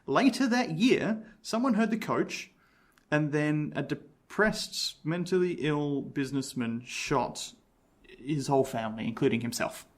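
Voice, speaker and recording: Brief: man, fairly high voice, reads aloud and chats easily as a podcast host. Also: expressive, measured pace. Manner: reads aloud from a book, chatty and laughing. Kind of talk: casual chat and reading aloud.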